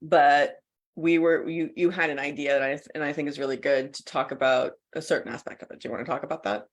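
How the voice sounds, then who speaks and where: A woman's voice: low voice, quick pace. A woman co-hosting a casual podcast, chatty and laughing often between thoughts. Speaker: co-host.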